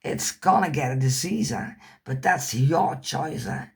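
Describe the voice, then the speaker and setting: Gravelly, husky Dutch-speaking woman. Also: low-pitched, animated, a little slow, darkish tone. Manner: candid, rambling, swears casually, searches for English words. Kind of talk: personal storytelling to camera.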